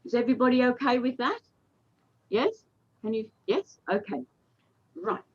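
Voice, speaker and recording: A woman's voice: fairly high pitch, very animated, normal speed, long pauses. A woman facilitator leading a group through a movement exercise on a video call, calling out steps and counts. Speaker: workshop facilitator. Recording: dull lo-fi video call audio.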